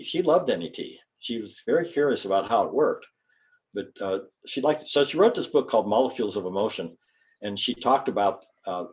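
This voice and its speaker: An older chiropractor, invited as a guest speaker, lectures students informally in a folksy, rambling style and spells out terms. His voice is fairly low with a darkish tone.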